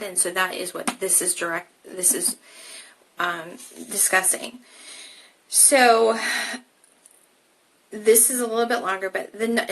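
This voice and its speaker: Brief: young woman, bright and clear voice, relaxed teacher reading and explaining a text. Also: medium pitch, poor audio. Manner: explains casually, then reads passages aloud with restarts. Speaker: Bible teacher. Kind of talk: live-streamed Bible study.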